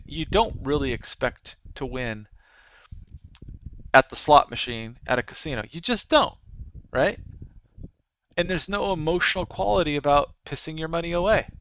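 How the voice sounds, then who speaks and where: A man's voice: a little high, a bit bright, clean tone, no room sound, low-quality recording. A man giving casual, rambling live commentary while trading futures, talking straight to his viewers. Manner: rambling, conversational, frequent restarts. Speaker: futures trader streaming live.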